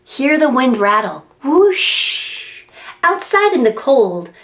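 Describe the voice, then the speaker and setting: A woman librarian reading a picture book aloud to preschoolers, animated and sing-song, making animal and wind sounds as she goes. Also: sits high, a little slow. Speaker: children's librarian.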